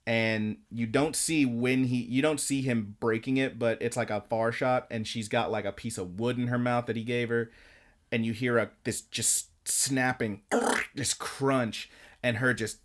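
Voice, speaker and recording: A man with a mid-pitched voice co-hosts a podcast in relaxed, casual chat. He retells scenes at length, slipping into quotes as he narrates. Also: unhurried. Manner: animated storytelling, acting out quotes. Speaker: podcast co-host. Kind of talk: casual chat, recapping an anime.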